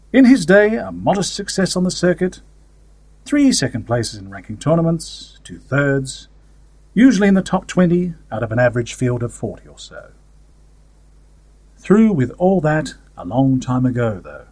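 A man with a husky, slightly breathy voice reads a story in the first person, wry and conversational. His delivery swings lively up and down in pitch, and the recording is close and dry with no room sound. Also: moderate pace, no room sound. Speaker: story narrator. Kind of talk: audiobook fiction reading.

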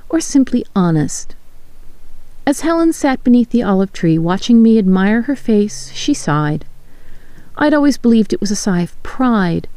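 A woman reading a story aloud in the first person, in a measured, expressive way. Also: on the high side, no room sound. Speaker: narrator.

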